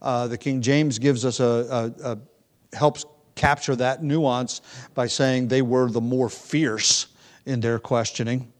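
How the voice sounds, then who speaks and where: A man teaching a Bible study, talking in a relaxed, conversational way with frequent pauses and restarts. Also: mid-range voice.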